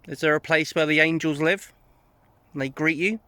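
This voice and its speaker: Man, paranormal investigator, calm slow questions to spirits, fairly high voice, dry close sound. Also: smooth, dry recording. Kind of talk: calling out to spirits. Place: abandoned building.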